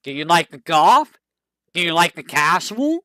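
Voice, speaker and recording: An excitable streamer chatting casually with viewers, with a bright, forward voice that swoops up and down and an unhurried pace. The recording is dry and close, with almost no room sound. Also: medium pitch, no room sound. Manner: rambling and excitable, fond tone. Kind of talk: casual chat to a live audience.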